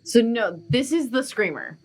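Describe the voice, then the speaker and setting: A woman's voice: fairly high pitch, big pitch swings, normal speed. A woman playing a tabletop game, talking casually with hesitant fillers. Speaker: player.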